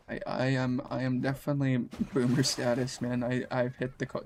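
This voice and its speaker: A man's voice: mid-range voice, monotone, normal speed, hardly any pauses, a little mellow, slight background noise. A man, casually chatting while streaming a game, with a groggy just-woke-up voice and a rambling, slangy, laid-back way of talking. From Canada. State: groggy morning voice. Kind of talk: casual chat while gaming.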